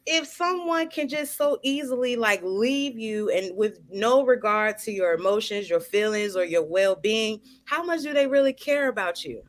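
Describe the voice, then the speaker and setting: Woman, casual heartfelt talk, animated, laughs often, lots of "like". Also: on the high side, normal speed, hardly any pauses. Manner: animated, laughing, heavy "like" filler. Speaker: guest sharing her story.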